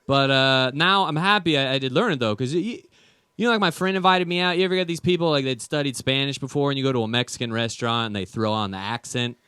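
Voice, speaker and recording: A man's voice: mid-range voice, quick pace, pushed and bright, clear, resonant tone, dry recording, studio quality. A man doing a rambling, self-deprecating stand-up comedy set. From United States.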